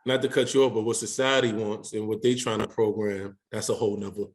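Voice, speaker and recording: A man speaking as a guest on a panel, relaxed and reflective, often checking in with his listeners. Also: lowish voice, fast talker. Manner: reflective, relaxed, fills with "you know". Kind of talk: casual conversation.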